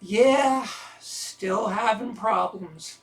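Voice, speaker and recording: This high male voice draws out its words and sounds exaggerated. It belongs to an actor in an audio drama voicing a sarcastic, self-deprecating middle-aged man, a troubled lover whose humor is dry and wry.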